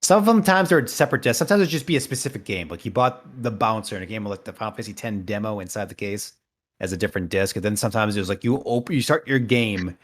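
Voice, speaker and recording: Young male co-host, low voice, relaxed rambling chat with casual swearing. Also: racing. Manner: laid-back, swears casually. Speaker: podcast co-host.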